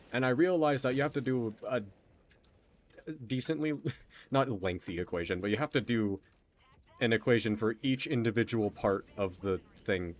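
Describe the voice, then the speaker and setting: A young man from Texas streaming a game, chatting casually in a rambling, self-deprecating way. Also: fairly low pitch. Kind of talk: casual gaming stream chat.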